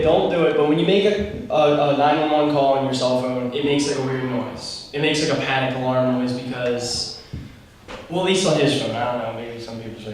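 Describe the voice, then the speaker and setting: A man's voice: medium pitch, moderate pace, a little hiss or hum. A young man casually telling a rambling story to a youth group, acting out the dialogue. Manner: animated, rambling, acts out dialogue. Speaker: youth speaker. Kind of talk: casual storytelling talk to teens. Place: large room, speaking to a youth group. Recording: very echoey room, heard from far off.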